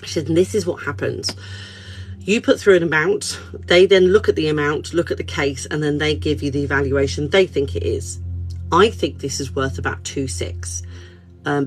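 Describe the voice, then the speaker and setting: Chatty woman, animated storyteller. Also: deep voice, poor audio. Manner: animated, chatty, swears casually. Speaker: spiritual counsellor. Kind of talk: casual livestream chat and storytelling. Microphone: phone livestream. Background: soft background music.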